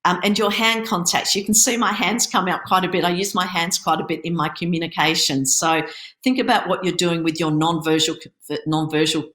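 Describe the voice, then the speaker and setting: A woman with a fairly low, slightly bright voice talks a little fast as she coaches people through presentation tips, now and then tripping on a word. She's a startup accelerator program manager giving a pitching workshop online via video call, and the room around her sounds spacious and echoey.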